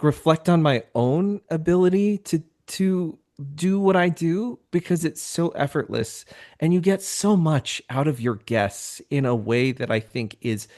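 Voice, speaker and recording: A man's voice: fairly high pitch, expressive, a little slow, mellow. A man speaking as a horror podcaster on a panel, earnest and gushing, with stammers, over a video call. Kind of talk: casual panel chat.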